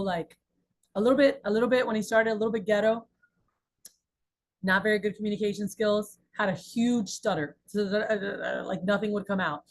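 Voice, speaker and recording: Animated woman coaching sales reps. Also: mid-range voice. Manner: animated storyteller acting out quotes. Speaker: sales manager. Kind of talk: sales training talk.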